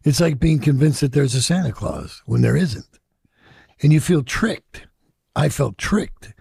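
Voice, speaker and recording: An older man with a deeply gravelly, husky voice recalls his past, swearing freely and slipping into the voices of people he quotes. His tone is dark and mellow, and the recording is dry and close, with no room around him. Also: animated, unhurried, no room sound. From Chicago. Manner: profane, reflective, acts out quoted voices. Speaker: interviewee. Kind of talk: candid storytelling in an interview.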